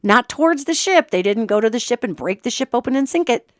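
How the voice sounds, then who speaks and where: A woman's voice: on the high side, animated, a little fast, no room sound. Impassioned woman host, dry close sound. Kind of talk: solo spiritual commentary podcast.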